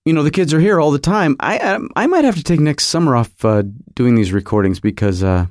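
Male podcast host, joking, halting delivery, lively high-ish voice, dry garage studio. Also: no room sound. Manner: joking, halting, lots of fillers and restarts. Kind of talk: casual rambling monologue.

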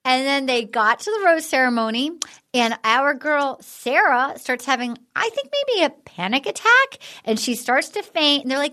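A woman hosts a comedy podcast in a high, lively voice that leaps up and down. Her tone is bright, and she rambles through stories, acting out the people she quotes. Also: normal speed. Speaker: podcast host. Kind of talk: casual comedic recap chat.

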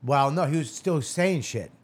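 A man from Boston, a guest comedian, telling a profane, animated story on a casual podcast and acting out the quotes. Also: fairly high pitch, moderate pace, breathy edge.

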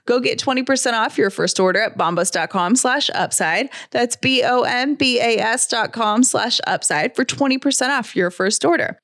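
A woman's voice: fairly high pitch, normal speed, few pauses, fairly bright tone, no room sound. A woman co-hosting a podcast in an easy, chatty voice. Her sound is dry and close, with no room around it. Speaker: podcast co-host. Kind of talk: casual chat and read ad.

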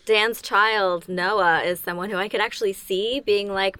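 Woman co-host asking quick questions. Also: mid-range voice, fairly even intonation, sharp tone, smooth, no echo. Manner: curious, quick follow-up questions. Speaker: podcast co-host. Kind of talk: casual interview chat.

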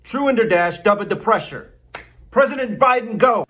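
A man's voice: sits high, animated, normal speed, a crowd in the background. A man narrating a joking mock language lesson in a played-back video, laughing at his own jokes.

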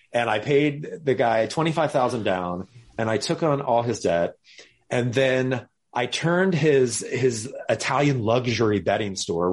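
A man's voice: mid-range voice, breathy edge. A man, a guest entrepreneur, telling a story in an interview and acting out the people in it. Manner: lively, acts out the people in his story.

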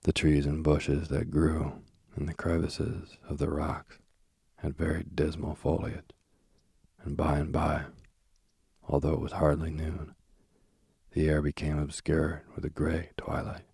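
A man reading a storybook aloud in a measured, even way. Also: extremely low pitch, vocal fry, husky, no echo, clean studio sound. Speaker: narrator.

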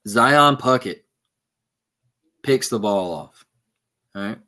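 Man, sports podcast co-host, slow deliberate pace, step-by-step play breakdown. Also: lowish voice, lively intonation, bright, forceful tone. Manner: unhurried, walks through a play step by step. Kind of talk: casual sports recap chat.

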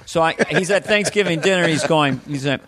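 A middle-aged man, a comedian, chatting in an interview, lively and laughing as he talks. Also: on the high side, fairly quick. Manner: lively, laughing, tangent-prone. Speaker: comedian guest. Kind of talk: casual interview chat.

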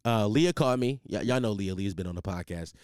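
Young man as podcast host, animated and profane, clear voice on a close studio mic. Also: lowish voice, a little fast, no room sound. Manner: animated, profane, rambling with restarts. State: tired, sleepless. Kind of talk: casual storytelling monologue. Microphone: studio microphone.

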